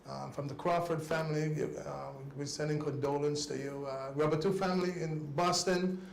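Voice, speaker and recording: A man speaking as a guest on a cycling talk show, giving an earnest, halting spoken tribute that often trails off softly. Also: on the high side, fairly even intonation, vocal fry, reverberant, a little hiss or hum.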